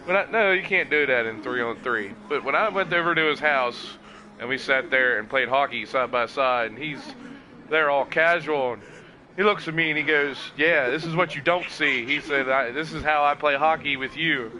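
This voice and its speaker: A man chatting casually while gaming, swearing often and telling animated stories. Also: on the high side, normal speed, a little hiss or hum. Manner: profane, animated storytelling.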